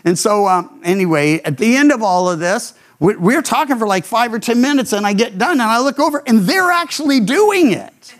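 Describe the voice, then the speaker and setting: High-voiced older man preaching. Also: normal speed, hardly any pauses. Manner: animated storytelling, acts out quoted voices. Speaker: pastor. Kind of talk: sermon.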